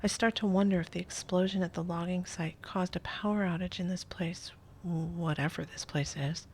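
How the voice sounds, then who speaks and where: A woman hosting a playthrough, reading a first-person interactive story aloud in a soft, often half-whispered voice and adding casual asides. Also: on the low side, steady tone, normal speed, husky.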